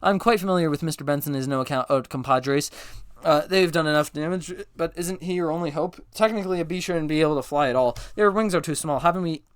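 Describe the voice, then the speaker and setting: Fast stumbling man reading a script. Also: a little high, clean tone, no echo, studio quality. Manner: stumbling over words, self-correcting, deadpan. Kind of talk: rapid comedic script read-through, all parts.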